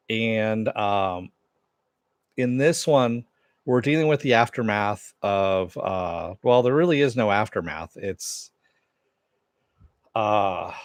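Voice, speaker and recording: A man hosts a relaxed home stream, reading viewer comments and rambling through TV episodes with plenty of fillers. His voice sits low, and the sound is dry and close. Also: no echo. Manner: rambling, loose, with many fillers and restarts. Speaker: show host. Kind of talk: casual live-stream chat with viewers.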